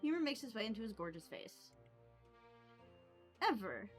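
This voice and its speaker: A young woman streams from home, reading a visual novel aloud into a desk microphone with giggly, expressive reactions. Her voice is on the high side at a normal speed, with soft music in the background.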